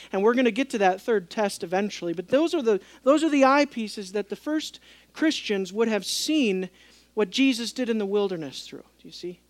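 A man preaching a sermon as pastor, swinging between quiet asides and raised, emphatic passages, asking the congregation questions and speaking in the voices of people from the text. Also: high voice, dry recording. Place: church.

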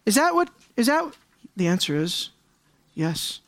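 A pastor preaching a sermon, firing rhetorical questions at the listeners and swinging from raised, high-pitched emphasis down to hushed, near-whispered lines. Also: big pitch swings, unhurried, pauses often, dry recording. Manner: fires rhetorical questions at the congregation.

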